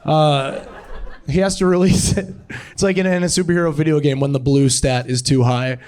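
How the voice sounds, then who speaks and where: Giggly young comedian riffing, fairly high voice. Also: male voice, fairly even intonation, normal speed, a little mellow. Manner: rambling, giggling at his own jokes. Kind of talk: improvised stand-up. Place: comedy club stage.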